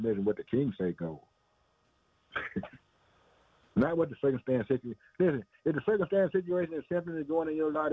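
A man's voice: fairly high pitch, breathy edge, no echo. A man preaching informally, repeating himself and calling the listener "man" and "boy". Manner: repetitive, conversational, calls listener "man" and "boy". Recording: tinny phone-line sound, dry.

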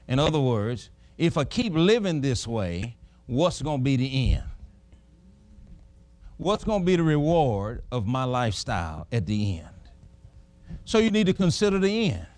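A middle-aged man preaching a sermon, telling folksy stories in an animated way. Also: medium pitch, unhurried, pauses often, no echo.

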